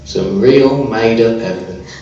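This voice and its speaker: A man performing a stand-up comedy set on a small club stage, delivering deadpan one-liners with hesitant fillers. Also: medium pitch, measured pace, gravelly, a little hiss or hum. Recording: echoey, distant, dull live club recording.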